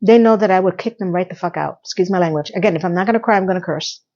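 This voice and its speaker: A woman vlogger recaps a TV episode in a sarcastic, chatty way, cursing now and then. She talks very fast in a lowish, darkish voice, and the lo-fi audio is slightly muffled.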